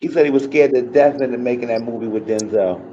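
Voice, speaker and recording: A man in casual chat, telling stories in a relaxed, laid-back way. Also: medium pitch, fairly quick, muffled recording, slight background noise.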